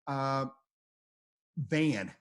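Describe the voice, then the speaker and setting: A man's voice: mid-range voice, animated, very slow, clean tone. A man recounting storm chases as an interview guest, in a casual, rambling way that repeats phrases. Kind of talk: casual storytelling.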